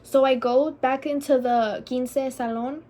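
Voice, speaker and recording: A woman's voice: high voice, fairly even intonation, measured pace, heavy background noise. A young woman vlogger telling a personal story in a chatty, casual way, swearing freely and saying "like" a lot. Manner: chatty and profane, heavy use of "like".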